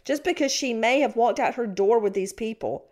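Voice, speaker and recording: A woman with a fairly high voice who hosts a podcast and used to work as a prosecutor. She argues forcefully and presses her point with quick, pointed questions. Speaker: podcast host, former prosecutor. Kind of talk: heated podcast debate.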